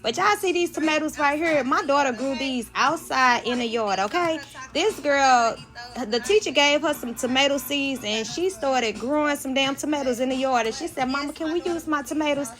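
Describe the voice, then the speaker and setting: A woman in her thirties cooking in her home kitchen while she chats with her viewers. Her voice sits a touch higher than most, and her talk is loose and candid, with plenty of asides as she goes. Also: moderate pace, a bit bright. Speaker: cooking vlogger. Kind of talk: casual kitchen chat to camera.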